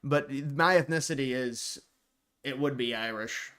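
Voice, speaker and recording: An American man hosts a casual livestream, answering chat messages as they come in. His voice has a bright edge, and he thinks out loud in loose, rambling commentary. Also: mid-range voice, a little slow. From United States. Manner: rambling, thinking aloud with frequent restarts. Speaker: livestream host.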